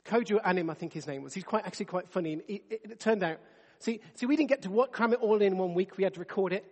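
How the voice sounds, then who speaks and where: Preacher with a high voice. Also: male voice, quick pace, a little mellow, big-room sound. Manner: earnest and conversational, with frequent restarts. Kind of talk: sermon. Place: church.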